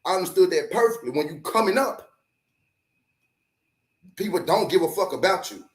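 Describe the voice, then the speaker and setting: A man rants hard about boxing, repeating points and cursing freely. His voice sits fairly high for a man. The sound bounces around an echoey room. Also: normal speed. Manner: animated, profane, repetitive, does mocking voices of critics. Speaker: sports talk host. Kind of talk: heated solo rant to camera.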